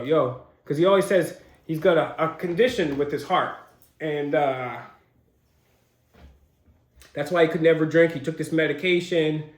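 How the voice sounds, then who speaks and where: A man's voice: on the high side, measured pace, long pauses. A young man doing casual, slangy commentary, reacting with incredulous asides. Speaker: commentary host. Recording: roomy echo.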